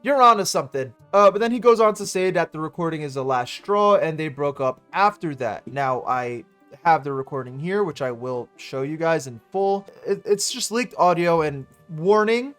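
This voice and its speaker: A man's voice: fairly high pitch, expressive, normal speed, a bit bright, faint music behind. A man hosting a react channel, giving sarcastic casual commentary with swearing. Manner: sarcastic, swearing, laughs between words.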